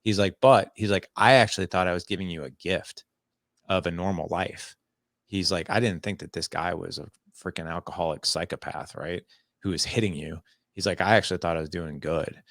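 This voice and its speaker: A man's voice: low-pitched, fairly quick, no room sound, clean studio sound. A man in his forties, a podcast guest telling his story candidly and earnestly, often reenacting conversations. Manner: earnest, animated storytelling with frequent "I was like" quotes.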